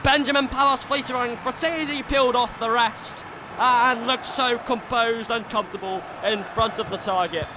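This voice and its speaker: A man streaming a football video game, doing his own match commentary that swings from quiet musing to shouted goal calls. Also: very high-pitched, moderate pace. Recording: noisy background ambience.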